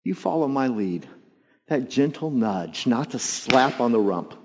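Animated preacher in an echoing hall. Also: male voice, measured pace, a little hiss or hum. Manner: animated storytelling, acts out voices with jumps in pitch and volume. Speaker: pastor. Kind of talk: sermon. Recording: long hall reverb, dull lo-fi sound.

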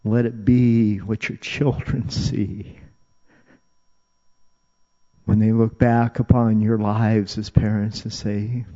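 A man's voice: on the low side, steady tone, slow pace, mellow. A man preaching a sermon as pastor, earnest and repeating phrases for emphasis. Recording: dull, reverberant hall recording.

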